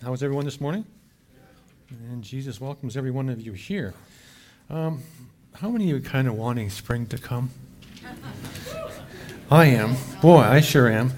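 Middle-aged man, folksy pastor, casual sermon, mid-range pitch. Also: moderate pace, pauses often, darkish tone, slight background noise. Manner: folksy, chatty, frequent "eh".

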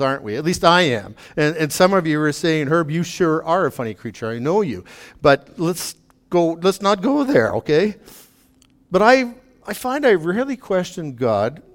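A man, a pastor, giving an earnest sermon with emphatic, repeated pleading questions to his congregation. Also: on the high side.

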